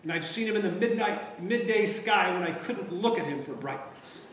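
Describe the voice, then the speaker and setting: A man's voice: high-pitched, lively intonation, normal speed, fairly bright tone, voice pushed up. A man voicing a gloomy, stubborn male marsh creature who talks as if short of air. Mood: defiant. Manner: strained, short of breath. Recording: echoey room from far off, noisy.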